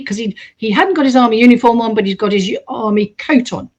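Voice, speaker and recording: Female host narrating a true story in a casual tone, with a slightly high voice, acting out the quoted voices. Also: a little fast, hardly any pauses, lo-fi sound. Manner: animated, acts out quoted voices.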